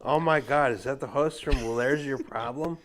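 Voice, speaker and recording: A man's voice: medium pitch, moderate pace, slight background noise. A man hosting a casual podcast, a playful joker who breaks into laughter. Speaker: podcast host.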